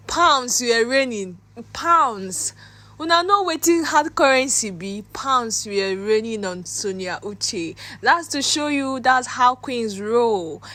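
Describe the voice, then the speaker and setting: A woman's voice: fairly high pitch, bright, forceful tone. Chatty Nigerian woman, gossip vlogger. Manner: chatty and gushing, mixes pidgin and English. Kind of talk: gossip commentary.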